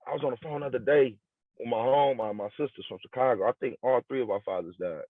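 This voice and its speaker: A man's voice: medium pitch, quick pace, no room sound. A man in casual podcast chat, blunt and emphatic, swearing freely and leaning on slang. His voice comes through thin and tinny, with a close, dry sound and no room around it. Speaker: podcast co-host.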